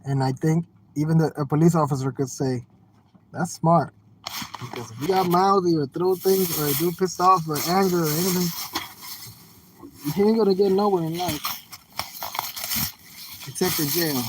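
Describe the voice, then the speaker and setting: A man with a fairly high-pitched voice, talking casually to his livestream viewers from a car. He rambles and repeats himself in an earnest, folksy, slangy way. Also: fairly even intonation, normal speed, long pauses, slight background noise, low-quality recording. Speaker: live streamer. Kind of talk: casual livestream chat, reading out viewer comments. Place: in a car while driving.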